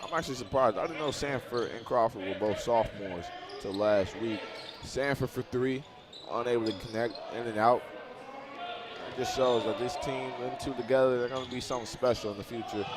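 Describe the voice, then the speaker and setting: A man doing casual, chatty play-by-play for a college basketball game. He sometimes bursts into loud, excited calls on big plays. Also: medium pitch, fairly quick, noisy background. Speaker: play-by-play commentator.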